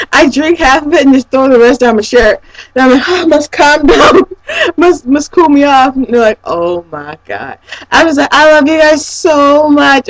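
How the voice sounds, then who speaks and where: A young woman vlogs about her weekend in a gushing, breathless way, dropping swear words as she goes. Her voice sits a touch high for a woman, and she piles one excited remark onto the next. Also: dry recording, poor audio. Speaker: vlogger. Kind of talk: excited personal storytelling.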